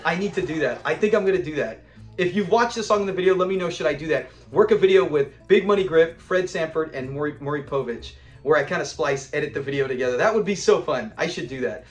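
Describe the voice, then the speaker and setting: Male channel host, high voice; chatty, giggly episode recap with acted-out quotes. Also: quick pace. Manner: excitable, laughs a lot, acts out lines. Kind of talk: casual video commentary.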